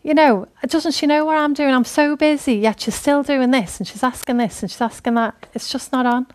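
A woman's voice: high voice, normal speed, a little mellow, pitched above the performer's own voice, close to an everyday voice. A woman voicing a gossiping woman in an indignant, self-pitying rant. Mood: aggrieved. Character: gossiping woman venting about a friend.

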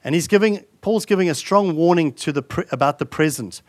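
A man preaching a sermon in an earnest style, building to emphatic repeated lines and dropping soft and slow for solemn points. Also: on the high side, animated, dry recording, clean studio sound. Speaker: pastor.

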